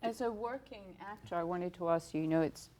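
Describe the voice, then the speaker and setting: A woman interviewer asking calm, measured questions. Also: lowish voice.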